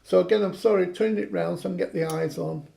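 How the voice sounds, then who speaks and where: A man's voice: sits high, steady tone, fast, creaky, mellow. A man chatting through a craft demonstration, joking and poking fun at himself. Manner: joking, self-mocking banter.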